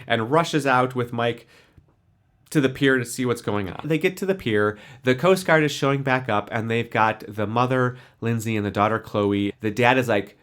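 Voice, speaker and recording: A young adult man talks through a TV episode for a podcast, in a casual chat. He keeps slipping into the characters' lines as he retells the plot, with plenty of animated asides. His pitch sits in the middle for a man. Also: normal speed. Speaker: podcast co-host.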